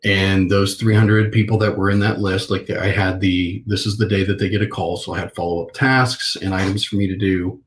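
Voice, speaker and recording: Low-voiced man, playful storyteller. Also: fairly even intonation, moderate pace, few pauses, slight background noise. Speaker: podcast guest, marketing consultant. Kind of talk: casual interview storytelling.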